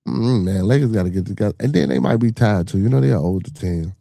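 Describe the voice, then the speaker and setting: Gravelly, low-voiced Chicago man. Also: fast talker, warm tone, dry recording. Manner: loose, profane, repeats "you know what I'm saying". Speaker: podcast host. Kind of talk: casual live-stream chat.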